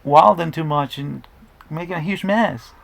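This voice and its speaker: A man's voice: a little high, unhurried, gravelly. A man chatting casually as he reacts to a movie, rambling and joking with frequent restarts. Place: indoors at home.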